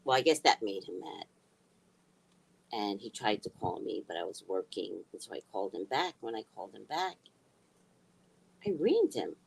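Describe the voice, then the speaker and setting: A middle-aged woman telling a personal story in a blunt, heated way, swearing freely and swinging from hushed asides to near shouting. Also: very deep voice, animated, normal speed, gravelly, breathy edge, poor audio. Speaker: spiritual reader and vlogger. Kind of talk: casual storytelling rant.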